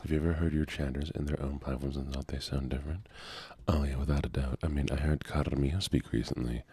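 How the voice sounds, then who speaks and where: A man with an extremely low, dark voice talks softly to his viewers while he plays a game. His tone is husky and mellow, relaxed and unhurried, close to the microphone. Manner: soft-spoken, relaxed, chatting with viewers. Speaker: streamer. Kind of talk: soft-spoken gaming stream chat.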